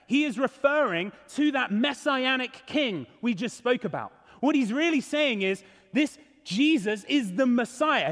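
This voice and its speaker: A male pastor preaching an earnest, emphatic sermon. His voice is high for a man and rings out with a long hall reverb. He leans hard on key words. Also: a bit bright. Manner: earnest, emphatic, rising and falling. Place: church.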